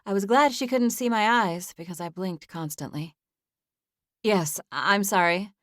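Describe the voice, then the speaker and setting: A woman narrating a first-person novel in a steady, measured audiobook read, close to a studio microphone. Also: medium pitch, no room sound. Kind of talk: scripted narration.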